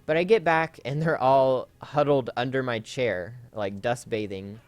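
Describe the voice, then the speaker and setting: A man chats loosely as he plays a game, wandering through a long anecdote with plenty of fillers and restarts. His voice is smooth and clean at an ordinary pitch. It is captured close and dry, with no room around it. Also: a little slow, no echo. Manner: rambling, with frequent fillers and self-corrections. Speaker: Let's Play host. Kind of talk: casual storytelling while playing a game.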